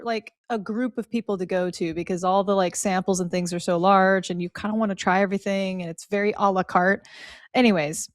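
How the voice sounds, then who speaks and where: A woman's voice: medium pitch, no room sound, studio quality. A woman co-hosting a podcast, chatting casually and wryly, laughing often and playing up mock exasperation. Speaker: podcast co-host. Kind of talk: casual storytelling chat.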